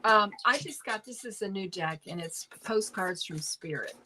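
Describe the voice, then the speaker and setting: A woman co-hosting a tarot reading stream, reading cards aloud in a gentle, unhurried way with fillers. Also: medium pitch, lively intonation, heavy background noise. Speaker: tarot reader co-host.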